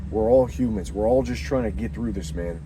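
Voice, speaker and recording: A man's voice: fairly low pitch, fairly quick, background noise. A young man giving rambling, earnest life advice in a casual motivational monologue, often restarting his sentences.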